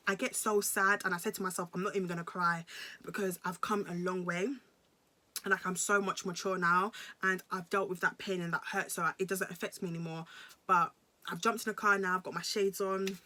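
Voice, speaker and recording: A young British woman with a bright, sharp-edged voice recounts a personal story for her vlog. She talks in an emphatic, slangy way and keeps repeating phrases for effect. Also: mid-range voice, fairly even intonation, brisk. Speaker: vlogger.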